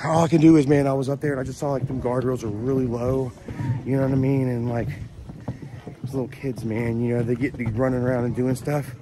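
Recorded on a handheld camera outdoors, with background noise, a man narrates a casual vlog from a mountain lookout. His medium-pitched voice stays level in tone and moves fairly quickly, though he sounds nervous and keeps exclaiming anxiously.

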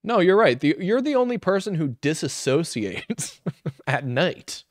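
A man's voice: fairly high pitch, sing-song, a little slow, a little hiss or hum. A man live-streaming, reacting to a video with sarcastic, profane commentary, laughing often and reading chat aloud.

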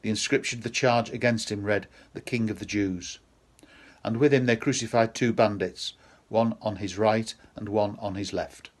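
A man reading a Gospel passage aloud in a measured, solemn way. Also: fairly low pitch, fairly even intonation. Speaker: scripture reader.

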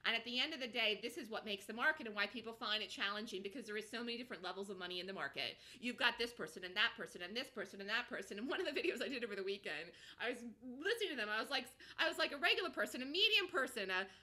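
A woman's voice: medium pitch, animated, rapid-fire, hardly any pauses, pushed and bright. A woman hosting a live stock market show, talking emphatically, repeating herself, and answering viewers' chat. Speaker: stock trading show host.

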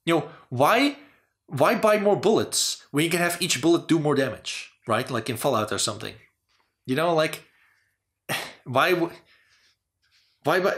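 A man's voice: fairly high pitch, big pitch swings, moderate pace, a bit bright. A man hosting a casual talk about game design, rambling with lots of "you know" and "like". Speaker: channel host.

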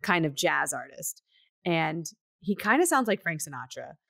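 A woman's voice: deep voice, big pitch swings, normal speed, vocal fry, fairly bright tone, no echo, clean studio sound. A woman in her thirties co-hosting a casual chat, rambling with fillers and restarts. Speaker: podcast co-host.

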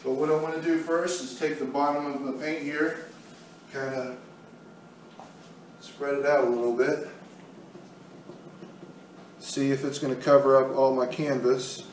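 A male art instructor talks easily while painting, taking the demonstration step by step in a level, medium-pitched voice that runs a little slow with long pauses. The space sounds very echoey, the microphone is distant, and faint noise lingers.

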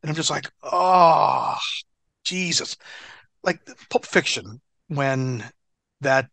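Bright-voiced American man telling stories. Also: medium pitch, measured pace, husky, no echo. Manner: animated, profane storytelling. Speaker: interview guest, former wrestler. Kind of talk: storytelling in a shoot interview.

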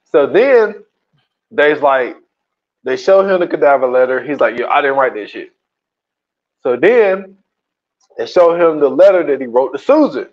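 A man's voice: on the high side, expressive, unhurried, pauses often, muffled recording. A man co-hosting a podcast in casual chat, retelling a documentary in a rambling, slangy way with many restarts. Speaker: podcast co-host.

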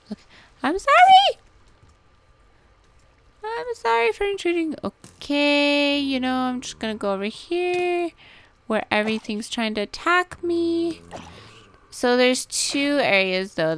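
Young woman, gaming host, unhurried delivery, clean smooth tone, chatty and giggly. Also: medium pitch, a bit bright, no room sound. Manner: chatty, talks to game animals, giggles. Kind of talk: casual gameplay commentary.

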